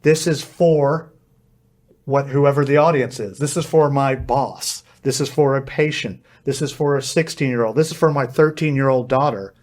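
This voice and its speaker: A man as a podcast guest giving energetic, plain explanations and acting out bits of dialogue. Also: mid-range voice, moderate pace. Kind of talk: podcast interview.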